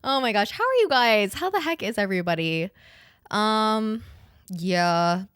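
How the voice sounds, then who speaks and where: This young adult podcast host talks casually in a rambling way, sprinkling in "like" and casual curse words. She has a medium pitch and fairly bright tone, captured dry with clean studio sound.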